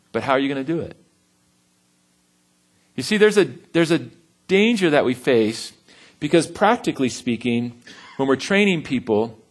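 A man preaching a sermon in a relaxed, conversational way, with humor and quick acted-out voices. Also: mid-range voice. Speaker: pastor.

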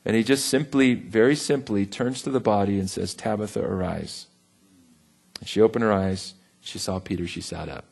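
A man preaching a sermon in a relaxed, conversational way, with humor and quick acted-out voices. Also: on the low side, vocal fry. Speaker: pastor.

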